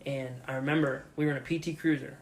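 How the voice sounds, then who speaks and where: A young man co-hosting a podcast, telling a story casually and with lots of swearing, shouting out the lines he quotes. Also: mid-range voice, fast. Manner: profane, animated retelling with loud shouted quotes. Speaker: podcast co-host.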